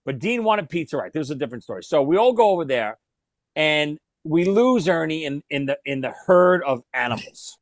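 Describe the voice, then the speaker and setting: Guy spinning a story for his buddies, animated and laughing, dry close mic. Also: on the high side, fairly quick, dry recording. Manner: animated, laughs often, repeats words. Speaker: storyteller among friends. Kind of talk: casual storytelling chat.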